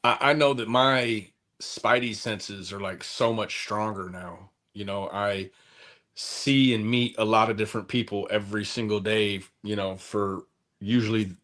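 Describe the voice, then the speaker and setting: A man with a low voice, co-hosting a podcast. He talks in a relaxed, conversational way, reflecting on what he has seen and laughing a little at himself. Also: unhurried. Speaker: podcast co-host.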